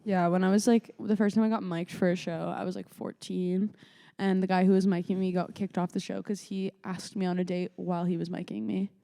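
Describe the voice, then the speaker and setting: A young woman co-hosting a podcast rambles through stories in chatty casual talk, with plenty of fillers. Her tone is dark and mellow. A long reverb trails after her voice. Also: on the low side, little pitch movement, fairly quick, gravelly. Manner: chatty storytelling, lots of fillers. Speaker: podcast co-host. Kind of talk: casual chat.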